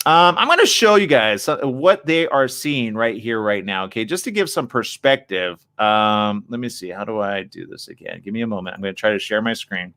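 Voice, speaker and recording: A man's voice: fairly low pitch, lively intonation, moderate pace, hardly any pauses, pushed and bright. A man hosting a live morning show, reading news items aloud and adding chatty, wry asides. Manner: chatty, wry asides between read passages.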